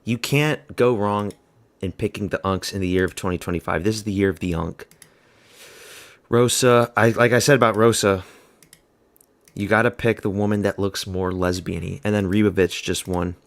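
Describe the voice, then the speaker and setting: Guy w a lowish gravelly voice rambling thru his fight picks, blunt and loose. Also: fairly even intonation, fairly quick. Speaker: MMA fan host of a watch party stream. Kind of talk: casual live reaction commentary.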